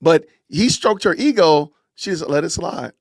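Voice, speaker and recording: A man with a slightly high voice hosts a casual livestream podcast. He comments on a clip in a sarcastic, teasing way. His voice is recorded dry and close. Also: animated, moderate pace, dry recording. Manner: sarcastic, mocking, laughs often. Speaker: podcast host.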